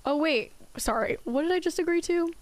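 A woman's voice: very high voice, animated, brisk, slight background noise. A young woman streaming a video game, chatting casually and giggling as she answers her viewers. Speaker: livestreamer. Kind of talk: casual gameplay chat with viewers.

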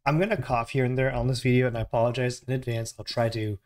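A hoarse man hosts his reaction channel in an easy, casual chat, his voice still worn from an illness. He rambles and corrects himself mid-sentence and apologizes along the way. He speaks at an ordinary middle pitch, recording at home while the house sleeps. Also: fairly even intonation, fast, darkish tone.

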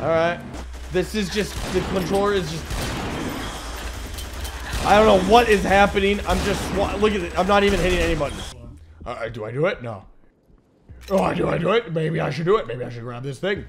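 Give me an excitable, sarcastic male gaming host with a high voice. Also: normal speed, long pauses, noisy background. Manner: excitable, sarcastic, shouts at the game. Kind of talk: let's play commentary.

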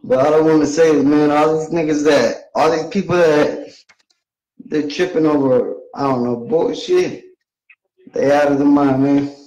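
A man's voice: on the high side, fairly even intonation, unhurried, darkish tone, roomy sound, poor audio. Profane, slangy male caller. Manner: profane street slang, laughs easily. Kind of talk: casual call-in chat.

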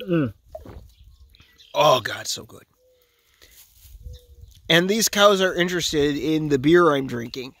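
Tipsy Wisconsin man, lively high voice. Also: takes it slowly, pauses often, no room sound. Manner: rambling, profane, talks to the cows. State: drunk. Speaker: vlogger. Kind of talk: rambling outdoor chat to animals. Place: outdoors by a cow pasture. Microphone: handheld camera he films with.

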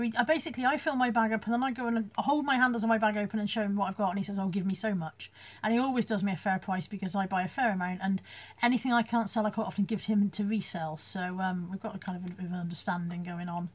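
A woman's voice: mid-range voice, fairly even intonation, fast talker. A British woman hosting a casual live chat from home, reading out viewer comments and laughing often as she talks into her phone. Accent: British English.

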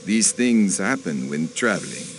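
A cold snooty count, lowish voice, bit of hiss behind. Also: male voice, animated, a little slow. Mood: curt. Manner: curt, cold, dismissive. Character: haughty aristocratic male count and diplomat.

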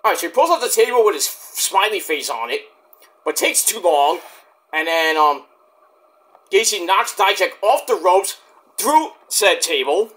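A man's voice: high voice, expressive, a little slow, fairly bright tone. A man giving a rambling, jokey wrestling review, swearing freely and joking on the side. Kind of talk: casual spoken review.

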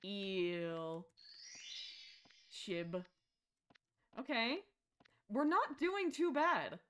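A woman streaming a horror game live, excitable, shrieking and laughing at the game and chatting with viewers. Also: fairly high pitch, moderate pace, background noise.

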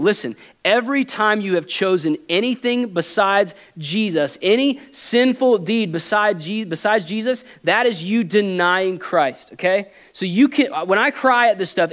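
A man's voice: high-pitched, fairly bright tone. A man, a pastor, preaching an earnest, emotional sermon in a church and reading scripture aloud with rising intensity. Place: church sanctuary.

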